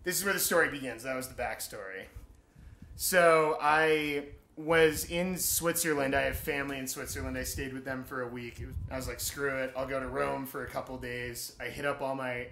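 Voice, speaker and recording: A young man tells a story in a bright, edgy voice, swearing freely and laughing as he goes. His voice carries a roomy echo, as if he is in a bare room. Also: medium pitch, moderate pace. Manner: animated, profane, laughing between beats. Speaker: interviewee. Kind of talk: casual storytelling.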